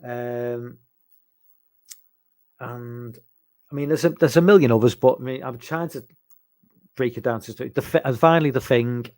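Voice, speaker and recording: A man's voice: medium pitch, a little slow, long pauses, a little mellow, no room sound. A man from England chatting casually about horror films, rambling and hesitant, with lots of ums and restarts. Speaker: podcast host.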